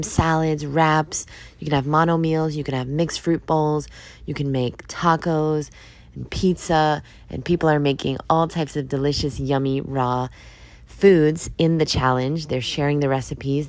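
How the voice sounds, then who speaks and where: A woman hosts a casual solo podcast in a very low voice, deeper than usual because she has just woken up. She speaks in an upbeat, encouraging way and keeps checking in with "okay?" and "all right?". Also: a little mellow. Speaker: podcast host.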